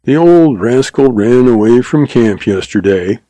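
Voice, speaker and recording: A man doing a quick-witted young cowboy in a storybook reading, folksy and easygoing as he spins his tale. The tone is mellow and close in a dry room. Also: medium pitch, lively intonation, dry recording, close to an everyday voice. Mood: earnest.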